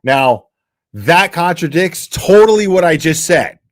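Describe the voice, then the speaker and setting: A man's voice: a little high, expressive, a little slow. A man hosting a live stream, reacting to an interview clip in a rambling, profane, emphatic way.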